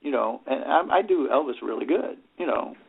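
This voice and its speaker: A man's voice: mid-range voice, lively intonation, moderate pace, creaky, husky. A middle-aged man from New York, an interview guest and rock singer, telling stories in a loose, rambling way and filling gaps with "you know". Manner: rambling, leans on "you know", acts out quoted voices. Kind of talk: casual storytelling interview. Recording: tinny phone-like sound.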